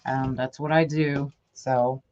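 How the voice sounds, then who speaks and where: A woman's voice: very deep voice, flat delivery, slow pace, lo-fi sound, background noise. A middle-aged woman who hosts a craft livestream, chatting with viewers by name and thinking aloud as she works. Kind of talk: casual livestream chat while crafting.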